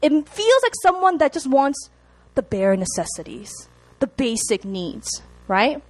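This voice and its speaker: A young woman preaching a sermon to a congregation, chatty and animated, often checking in with the room. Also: high voice, measured pace. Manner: animated, chatty, laughs at herself, asks the room to respond.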